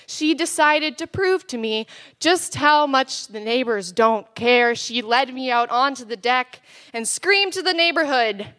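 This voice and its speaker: A woman's voice: high voice, lively intonation, a little slow, bright, forceful tone. A teenage girl performing a comic spoken word story as a student slam poet. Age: teens. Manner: storytelling, playful comic timing.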